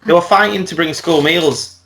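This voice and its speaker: Yorkshire male co-host, dry sarcastic comic, slightly high voice, faint noise behind. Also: moderate pace, a bit bright. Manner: sarcastic, jokey. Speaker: podcast co-host. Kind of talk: casual comedy chat.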